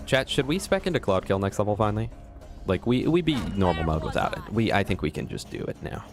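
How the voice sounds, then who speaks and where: A man's voice: fairly low pitch, very animated, fast talker, over music. A young adult man streaming gameplay, rambling and joking with his chat. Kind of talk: casual live gameplay commentary.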